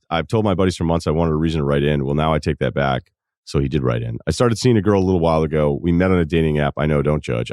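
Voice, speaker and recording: Deadpan, very deep-voiced male podcast host. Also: dry recording. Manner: dry, deadpan humor with asides while reading. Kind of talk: casual advice podcast talk, reading listener emails.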